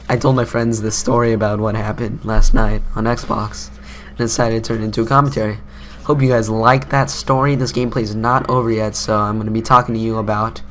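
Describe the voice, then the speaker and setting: Rambling teen gamer telling a story. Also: male voice, mid-range voice, fairly bright tone, a little hiss or hum. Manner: rambling, self-mocking, chuckling storyteller. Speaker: gaming commentator. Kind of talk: casual gameplay commentary.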